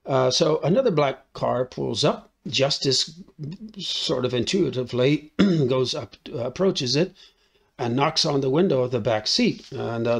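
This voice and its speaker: A man talks through a film's plot in a relaxed, thinking-aloud way, stopping often to ask "right?" and filling gaps with "uh" and "um". His voice sits at an ordinary middle pitch with a noticeable gravelly fry. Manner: recaps the plot with many "right?" tags and "uh" fillers. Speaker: film reviewer. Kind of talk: casual spoken film review.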